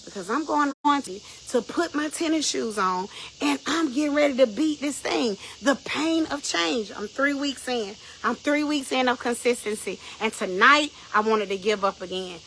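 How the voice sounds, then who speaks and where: Woman minister preaching on a livestream, bright higher voice, punchy, repeats herself, yells now and then. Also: normal speed, a little hiss or hum, poor audio. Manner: emphatic, repeats phrases, bursts into shouts. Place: in bed at home at night.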